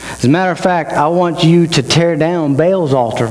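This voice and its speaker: A male pastor voicing God as a patient, gentle figure who speaks reassuringly in a sermon. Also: on the high side, moderate pace, lightly acted. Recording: reverberant hall with mains hum.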